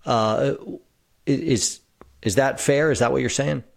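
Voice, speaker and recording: A man's voice: mid-range voice, a little slow, creaky. A man hosting an interview, earnest and affirming, often rephrasing his questions back to the guest. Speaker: podcast host. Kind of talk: conversational interview.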